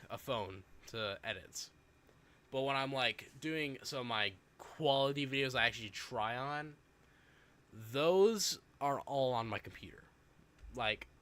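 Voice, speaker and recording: A man's voice: medium pitch, bright, forceful tone. A man streaming and chatting casually while reacting to videos, rambling loosely with hyped interjections.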